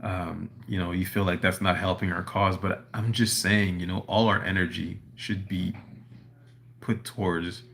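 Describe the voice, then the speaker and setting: A man's voice: low voice, level tone, measured pace, creaky, fairly bright tone. A man hosting a casual livestream, talking in a rambling, earnest way full of "you know" while answering his chat from home. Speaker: livestream host reading chat. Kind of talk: casual monologue to a live chat. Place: at home with a dog nearby.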